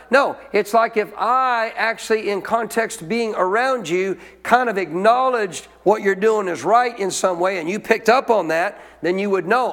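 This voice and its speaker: A man's voice: high voice, moderate pace, few pauses, fairly bright tone, big-room sound. A male pastor preaching a sermon in a conversational way, often asking the congregation questions.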